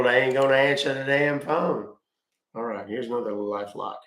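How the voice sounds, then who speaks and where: Casual male streamer, gruff and offhand, cussing, roomy echoey sound. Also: mid-range voice, moderate pace, fairly bright tone. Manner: grumbling, cursing, offhand. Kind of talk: casual live-stream chat. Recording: roomy echo.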